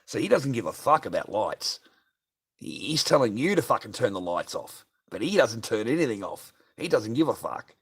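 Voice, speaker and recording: Man, livestream rant, profane, mid-range pitch, keeps asking listeners "right?". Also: sing-song, moderate pace, husky.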